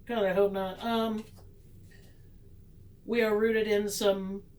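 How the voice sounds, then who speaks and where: A woman's voice: mid-range voice, level tone, takes it slowly, darkish tone, poor audio. A woman vlogging a tarot reading in a casual, sarcastic, self-mocking way, laughing often.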